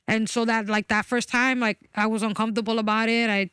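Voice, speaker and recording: Frank woman in her forties, smooth voice. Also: fairly high pitch, level tone, a little fast, hardly any pauses, fairly bright tone, dry recording, clean studio sound. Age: 40s. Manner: frank and emphatic, swears freely. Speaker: guest. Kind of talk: candid personal conversation.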